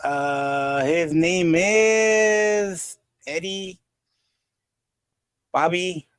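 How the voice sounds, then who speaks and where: Man, panel host, slightly high voice, rambling, keeps losing names, dry sound. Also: very slow, a bit bright, smooth, dry recording. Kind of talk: casual chat.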